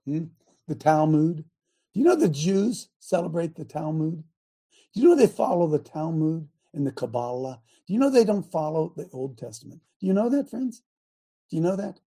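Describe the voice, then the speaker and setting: Gravelly high-voiced male preacher. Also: dark tone. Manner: emphatic, fires repeated rhetorical questions; halting, with frequent restarts and asides. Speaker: host of a religious broadcast. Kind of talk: preaching with scripture reading.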